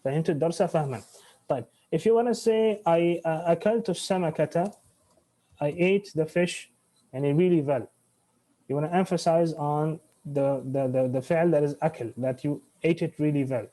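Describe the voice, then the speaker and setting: A man's voice: a little high, fast talker, warm tone. A man teaching Arabic grammar in an online class, switching between English and Arabic, restarting phrases and quizzing his students.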